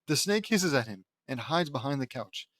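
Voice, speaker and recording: A man's voice: mid-range voice, very animated, normal speed, a bit bright, no room sound, clean studio sound. A man reading his own fan fiction aloud in a casual way, stumbling into restarts and amused asides. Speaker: audiobook reader and author.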